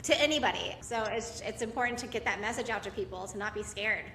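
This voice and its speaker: A woman co-hosting a podcast, talking in an animated, excitable way. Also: medium pitch, quick pace, echoey room, slight background noise, rough recording. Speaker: podcast co-host. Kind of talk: casual podcast chat.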